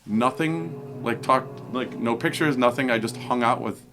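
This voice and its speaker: A man, a podcast guest, telling casual stories in an animated way and acting out the voices of people he quotes. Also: medium pitch, moderate pace, over music. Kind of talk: casual storytelling.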